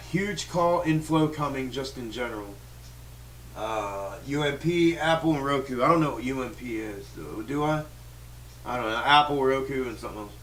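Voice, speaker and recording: A man's voice: medium pitch, expressive, moderate pace, fairly bright tone, a little hiss or hum, poor audio. A man hosting a stock market livestream, talking in a fired-up, rambling way with lots of swearing, restarts and fillers while he answers viewer comments. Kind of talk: casual livestream chat reading viewer comments.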